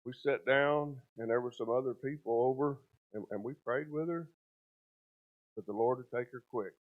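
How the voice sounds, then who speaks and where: A father telling his family's story as a church testimony, plain-spoken and halting. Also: medium pitch. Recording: tinny phone-like audio.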